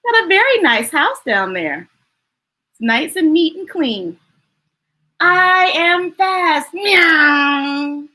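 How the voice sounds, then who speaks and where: A woman's voice: high voice, big pitch swings, slow, bright, forceful tone. A woman reading picture books aloud to young children, laughing often and chatting with her listeners between pages. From United States. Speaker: children's storytime reader.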